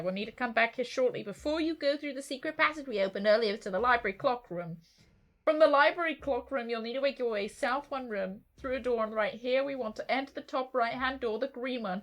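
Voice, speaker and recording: Chatty British woman streaming a game. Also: on the high side. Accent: British English, somewhat posh. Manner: chatty, jokey, laughs often. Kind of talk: casual gameplay chat.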